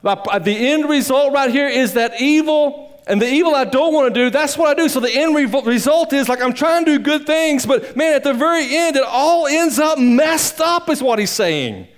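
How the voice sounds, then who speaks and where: A male pastor preaching a sermon in church, swinging between loud emphatic peaks and low quiet asides, with a rambling, folksy delivery. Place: church sanctuary.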